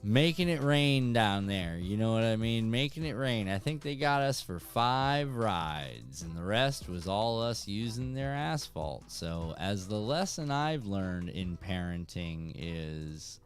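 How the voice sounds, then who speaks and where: A man's voice: on the low side, slow, few pauses, soft background music. A man in his thirties hosting a fishing channel, telling a story casually to viewers and acting out the people in it. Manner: animated, acts out voices in anecdotes.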